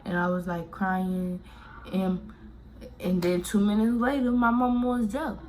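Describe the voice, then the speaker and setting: A woman's voice: medium pitch, little pitch movement, a little slow, darkish tone, slight background noise. A woman from Miami telling a personal story in a casual, rambling way, full of fillers and restarts. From Miami, Florida.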